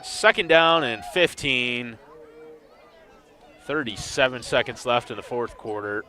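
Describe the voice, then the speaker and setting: Bright-voiced wry football commentator man. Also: medium pitch, lively intonation, slow, a little hiss or hum. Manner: dry, wry remarks on officiating confusion. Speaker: play-by-play commentator. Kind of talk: sports commentary.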